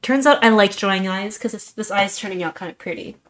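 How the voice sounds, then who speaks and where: A woman's voice: medium pitch, fast talker, fairly bright tone. A young adult woman streamer chatting casually in a rambling, self-deprecating way.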